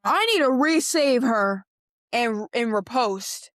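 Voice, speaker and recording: A young woman hosts a podcast, talking slowly in a highish, lively, fairly bright voice with no room sound. She reacts to clips in a rambling, slangy way, full of fillers and restarts.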